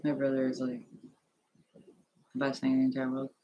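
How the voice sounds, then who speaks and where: This young man's vlog voice is medium-pitched and warm, with a breathy edge and a monotone delivery. He rambles nervously and hesitantly at home, using many fillers and restarting often. His earphone headset recording has the highs cut off.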